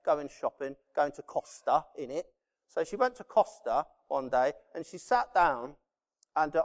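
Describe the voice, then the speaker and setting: A man preaching a sermon with strong emphasis. He repeats key words and swings between loud declarations and hushed asides. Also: fairly high pitch. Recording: long reverb of a large hall.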